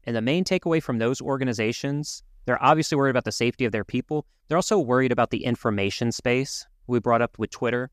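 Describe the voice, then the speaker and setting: A man co-hosting a podcast, talking in an earnest, measured way with a few restarts. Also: mid-range voice, dry recording, studio quality. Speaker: podcast co-host. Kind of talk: casual podcast chat.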